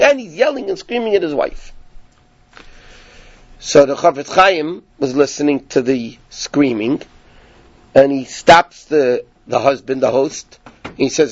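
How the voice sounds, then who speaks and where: Guy teaching a torah class, high voice, animated, dry muffled sound. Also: takes it slowly, pauses often, slightly rough, dry recording. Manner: animated, rhetorical questions.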